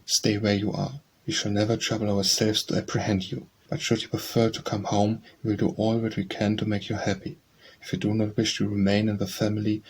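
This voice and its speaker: A man narrating an audiobook memoir in a measured, even reading. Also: on the low side, slight background noise. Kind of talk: scripted narration.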